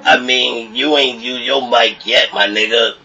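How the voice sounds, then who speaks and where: A man trading heated insults in an online voice chat, taunting and repeating his jeers loudly. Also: mid-range voice, fairly even intonation, unhurried, gravelly, breathy edge. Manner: taunting, repetitive, loud jeers. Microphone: voice-chat microphone. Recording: muffled distant voice-chat audio with crowd noise.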